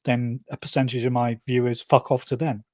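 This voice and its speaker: A man's voice: medium pitch, level tone, fairly quick, a little mellow, no room sound, clean studio sound. A man in casual livestream chat, blunt and indignant, swearing freely, heard over a video call.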